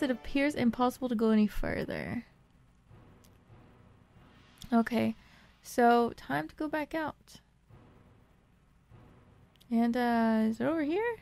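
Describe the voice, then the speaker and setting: A woman's voice: a little high, moderate pace, vocal fry, pauses often, faint music behind. A young woman hosting a let's play, giving casual, bubbly game commentary and often laughing.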